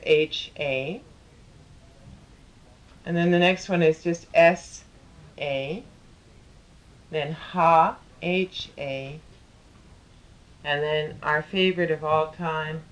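A teacher giving a patient, step-by-step pronunciation lesson, spelling out syllables and chanting them in rhythmic sequences. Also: mid-range voice.

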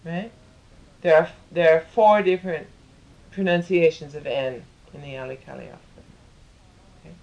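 A woman leading a guided mantra practice and explaining how to pronounce each syllable, patient and a little halting. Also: low-pitched, highs cut off. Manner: chants syllables softly, fading to near silence, then explains in a patient, halting way. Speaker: meditation and mantra teacher.

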